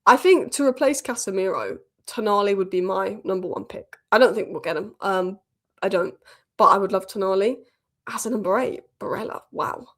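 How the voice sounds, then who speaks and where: A woman hosting a football news channel, giving casual, opinionated commentary with quick asides. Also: medium pitch.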